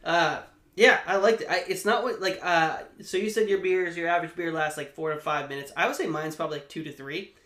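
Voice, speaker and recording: Bright-voiced man in an echoey room. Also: fairly high pitch, a little fast. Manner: loose, rambling and profane. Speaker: podcast co-host. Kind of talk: casual beer-tasting banter.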